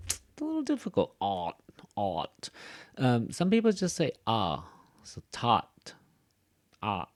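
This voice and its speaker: A man teaching English online, speaking at an ordinary mid pitch. He models phrases over and over and drifts into loose asides. The sound is close and dry, straight into his computer mic. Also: vocal fry, a little mellow, no echo. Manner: repeats and models words aloud, chatty asides. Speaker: ESL teacher. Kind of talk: online class lecture.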